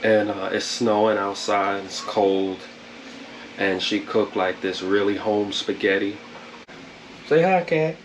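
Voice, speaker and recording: Slow, laid-back man chatting at home. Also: on the low side, a little hiss or hum. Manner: relaxed, rambling, laid-back slang. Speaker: vlog host. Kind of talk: casual home vlog chat. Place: home indoors.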